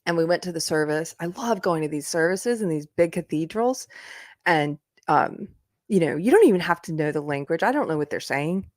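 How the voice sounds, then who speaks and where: A woman with a low voice hosts a relaxed livestream, chatting loosely, wandering into asides and breaking into laughter. The sound is dry and close, with little room around it. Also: dry recording. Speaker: livestream host. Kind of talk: casual live chat. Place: indoors, upstairs room.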